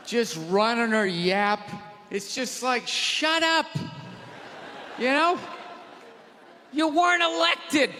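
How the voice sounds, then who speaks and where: Brief: high-voiced male stand-up comic, loud exasperated rants, live theater with crowd noise and long reverb. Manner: loud, ranting, exasperated delivery. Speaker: stand-up comedian. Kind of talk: stand-up comedy set. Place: theater stage before a live audience.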